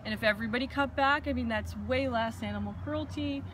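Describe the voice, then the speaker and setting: A woman hosting a casual chat, telling a personal story with lively, acted-out asides. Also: on the high side, brisk, a little hiss or hum. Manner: animated storytelling with acted-out quotes. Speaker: host.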